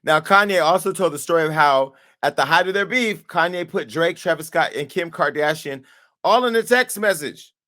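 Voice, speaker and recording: A man's voice: on the high side, expressive, moderate pace, sharp tone. Man riffing in casual commentary. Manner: acts out profane imagined dialogue in storytelling bursts. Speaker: entertainment news host.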